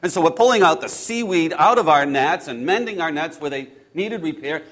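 A man playing Peter, a hot-tempered fisherman, telling his story in the first person with halting, repeated words, hushed one moment and loud and exasperated the next. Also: fairly high pitch, lively intonation. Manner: swings between hushed awe and loud exasperation. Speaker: actor in a first-person biblical monologue.

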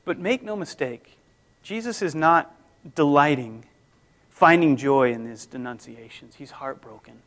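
A man preaching a conversational sermon, his voice swinging between loud emphasis and near-hushed tones. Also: a little high, moderate pace. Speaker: pastor.

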